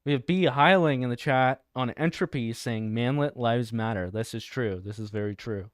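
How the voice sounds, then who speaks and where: A man's voice: medium pitch, steady tone, normal speed, dry recording, studio quality. A man hosting a satirical livestream, reading chat and video descriptions aloud with crude jokes and frequent laughter. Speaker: livestream host.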